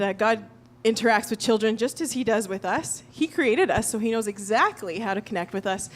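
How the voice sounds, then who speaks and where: A woman speaking in a church service, telling a story with lively, animated delivery. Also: fairly high pitch, slight background noise. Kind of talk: sermon storytelling. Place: church auditorium.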